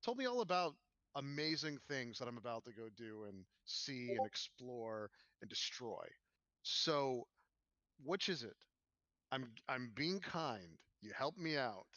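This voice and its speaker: A man's voice: medium pitch, animated, a bit bright, no room sound, highs cut off. Man doing a smug taunting villain. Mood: contemptuous. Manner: taunting, slow and threatening. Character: smug menacing male villain, contemptuous and mocking.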